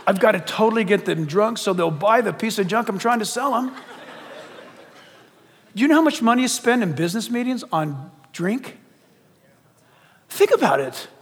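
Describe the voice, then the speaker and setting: A man delivers a sermon with a high voice that swoops up and down. He jokes and slips into quoted voices as he preaches. The sound rings with the long reverb of a large church hall. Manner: animated, joking, acts out quoted voices. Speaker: pastor. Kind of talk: lively sermon. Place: church auditorium.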